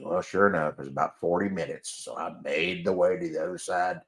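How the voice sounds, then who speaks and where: A man's voice: low-pitched, a little fast. An older man telling a personal story in a folksy, self-deprecating way, chuckling as he goes. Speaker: storyteller host. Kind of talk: casual anecdotal storytelling.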